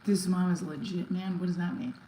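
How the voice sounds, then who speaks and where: A breathless middle-aged woman talks loosely to her live chat between stretches, pausing to thank viewers. Her voice sits on the low side and carries the echo of a bare room. Faint ambient noise hums underneath. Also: steady tone, warm tone. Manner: chatty, reads and thanks chat comments mid-workout. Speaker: livestream host. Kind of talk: casual live-stream chat while exercising.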